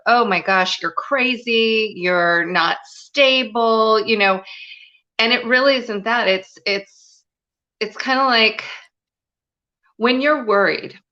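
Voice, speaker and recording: A woman with a mid-range voice and a sharp tone, recorded with the highs cut off, shares a personal story as a guest in a live interview. She is a spiritual and business mentor, and she speaks earnestly and confidingly, sprinkling in lots of "you know."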